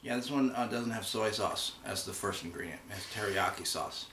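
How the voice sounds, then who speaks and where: A relaxed man with a lowish but bright voice talks his way through a casual taste test, weighing each flavor aloud. He sits a little back from the mic in a roomy space with faint noise behind him. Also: a little fast, recorded from a distance. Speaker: co-host.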